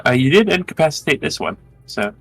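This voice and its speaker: Bright-toned guy gm-ing a tabletop game, friendly, bit hesitant. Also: fairly high pitch, very animated, a little fast, vocal fry, husky, faint music behind. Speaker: game master.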